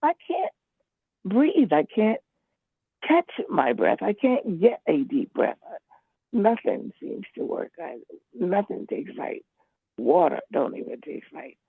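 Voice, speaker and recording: A woman's voice: mid-range voice, very animated, takes it slowly, creaky, breathy edge, no room sound. A woman calling in to an online class, talking in a rambling, emphatic way and repeating herself. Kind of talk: casual spoken account. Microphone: computer call. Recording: tinny phone-like line.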